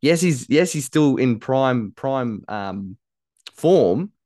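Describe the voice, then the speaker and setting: A man's voice: medium pitch, expressive, slow pace, dark tone. A man co-hosting a casual rugby league podcast, playful and argumentative, often laughing as he reads out results. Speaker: podcast co-host. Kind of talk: casual sports chat.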